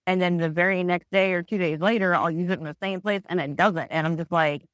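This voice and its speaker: A woman's voice: lowish voice, steady tone, fairly quick, clean tone, no room sound. A woman guest in a podcast interview, speaking candidly and reflectively with frequent restarts.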